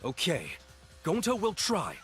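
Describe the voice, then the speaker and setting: An actor voicing a big, gentle, simple-minded man who speaks broken English and calls himself by his own name, heard from game audio with faint music. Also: sits high, wildly swooping pitch, unhurried, slightly rough, no echo, full character voice. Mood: earnest.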